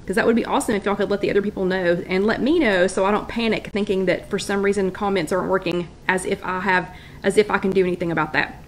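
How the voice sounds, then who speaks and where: A woman's voice: medium pitch, fairly even intonation, quick pace, slight background noise. A woman hosting a casual live online chat, greeting viewers by name and reading their comments aloud.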